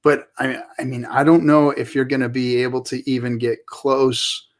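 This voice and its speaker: A man's voice: medium pitch, little pitch movement, moderate pace. Laid-back joking male co-host. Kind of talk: casual crypto chat.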